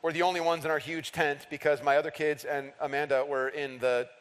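A man in his thirties delivering a sermon with a fairly high, light voice. He tells humorous, self-deprecating stories from his own life. His voice rings with the long reverb of a large hall. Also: flat delivery, a little fast. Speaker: pastor.

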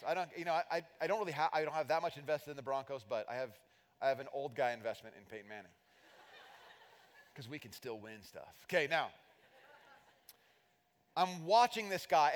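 A middle-aged man preaching a sermon as pastor, animated and self-deprecating, acting out little voices to make his points. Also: fairly high pitch, fairly quick, pauses often. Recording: long hall reverb.

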